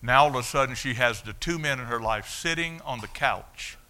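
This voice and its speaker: A man, preaching a sermon as a story of his own life, dropping low and then shouting out the punch lines. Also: normal speed. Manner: storytelling, swings from hushed to shouting. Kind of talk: sermon testimony.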